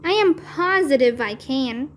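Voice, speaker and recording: Woman doing an excitable little first-grade girl. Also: measured pace, a little hiss or hum. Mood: excited. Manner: shrill, pleading, overexcited. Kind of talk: children's storybook read-aloud.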